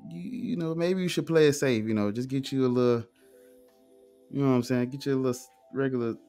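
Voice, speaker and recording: Male guest, casual and animated, swears freely, pitch leaps on emphasis; faint music bed. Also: fast talker. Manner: animated, emphatic, swearing, frequent "you know what I'm saying". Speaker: guest, atheist streamer. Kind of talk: casual conversation.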